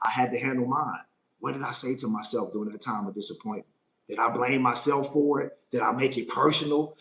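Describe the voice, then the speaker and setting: A man's voice: mid-range voice, lively intonation, normal speed, fairly bright tone, reverberant. A man, giving a live motivational Q&A talk as a life coach, emphatic and often asking "right?". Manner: emphatic, repeats phrases and asks "right?" often.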